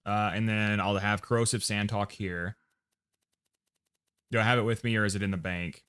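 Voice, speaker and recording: A man's voice: fairly low pitch, level tone, normal speed, a bit bright, smooth. A man with an American accent casually talking to himself and reading chat while setting up a game loadout on a livestream. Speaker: streamer.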